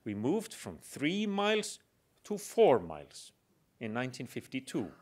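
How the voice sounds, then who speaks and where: A man's voice: mid-range voice, wildly swooping pitch, unhurried, a little mellow. Man giving a dry-humored lecture. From Iceland. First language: Icelandic. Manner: explanatory with dry humor, hesitant fillers. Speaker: guest lecturer. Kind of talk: public lecture.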